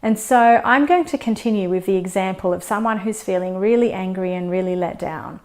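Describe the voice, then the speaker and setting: Calm woman teaching a tapping routine. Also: medium pitch. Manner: calm, steady guidance, slowing down for demonstration scripts. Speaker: tapping instructor. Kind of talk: instructional demonstration.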